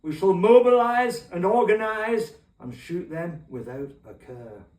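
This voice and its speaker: A man's voice: high-pitched, expressive, a little slow, a little mellow, far from the mic. Guy doing a defiant old war-leader voice, grand and declaiming, echoey room. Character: Churchill impression, defiant old male wartime orator.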